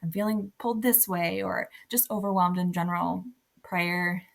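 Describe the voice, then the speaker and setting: A woman's voice: lowish voice, fairly even intonation, normal speed, creaky. A young adult woman speaking as an author guest on a podcast. She talks in an earnest, reflective way. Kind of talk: casual podcast interview.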